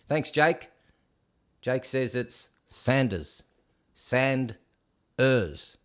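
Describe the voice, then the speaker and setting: A man's voice: mid-range voice, expressive, extremely slow, long pauses. A middle-aged Canadian man hosting a casual livestream, reading viewer comments aloud and breaking into bits of songs. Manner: reads comments aloud, sings snatches of songs. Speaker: livestream host reading chat. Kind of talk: casual chat.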